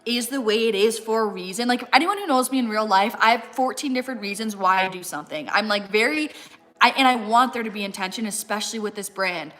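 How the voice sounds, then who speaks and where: A woman's voice: on the high side, quick pace, a bit bright. A young woman chatting casually on a live stream, reading out viewer comments and using "like" constantly while eating. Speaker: fitness content creator.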